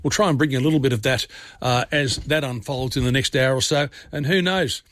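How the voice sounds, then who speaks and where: A man's voice: medium pitch, fairly quick, fairly bright tone, no room sound. A man hosting a radio talkback show, chatting with callers in a friendly, matey way. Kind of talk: casual talkback chat.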